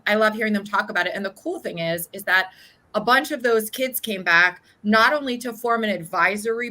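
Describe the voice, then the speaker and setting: A woman's voice: medium pitch, bright, forceful tone, rough recording. A woman guest telling heartfelt stories in an earnest, conversational way. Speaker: charter school guest. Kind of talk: conversational interview.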